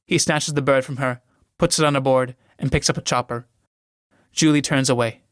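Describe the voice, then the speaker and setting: A man reading the stage directions of a play in a plain, even manner. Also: medium pitch, normal speed, no room sound, clean studio sound. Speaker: reader, audiobook narrator.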